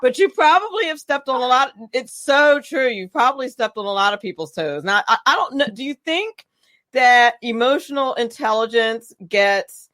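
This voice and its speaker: A woman host talks in a fairly high, very lively voice, recorded dry and close. She chats casually and giggles, often restarting her words as she thinks aloud. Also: normal speed, no echo. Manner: chatty and giggly, with stammered restarts. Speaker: radio show host. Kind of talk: casual interview chat.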